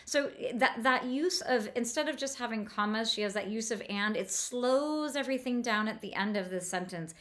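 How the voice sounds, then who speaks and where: A woman's voice: on the high side, moderate pace, few pauses, fairly bright tone. Enthusiastic woman lecturing on a novel. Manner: thoughtful, with frequent restarts and fillers; enthusiastic about the prose. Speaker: book lecturer. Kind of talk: literary lecture.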